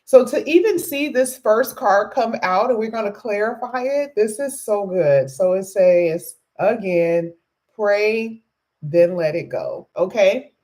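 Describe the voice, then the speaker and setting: A woman's voice: mid-range voice, expressive, takes it slowly, a little mellow. A woman who has just woken up, doing a chatty live tarot reading and greeting her viewers by name. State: just woke up, voice low. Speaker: tarot reader.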